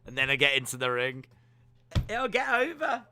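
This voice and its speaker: A man giving jokey live reactions while watching a wrestling show, now and then letting out sudden loud yells. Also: medium pitch, big pitch swings, normal speed. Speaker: wrestling watch-along streamer.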